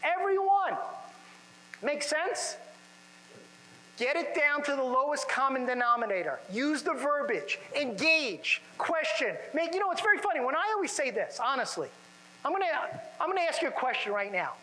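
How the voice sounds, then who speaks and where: A man speaking to chiropractors at a seminar in a conference room, energetic and full of rhetorical questions to the audience. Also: very high-pitched, moderate pace, in a large hall, rough recording. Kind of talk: motivational seminar talk.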